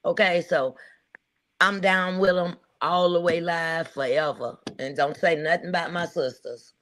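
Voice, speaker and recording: A woman guest speaking bluntly and emphatically in a casual livestream chat. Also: fairly low pitch. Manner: blunt, emphatic, repeating "okay?". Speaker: guest rider.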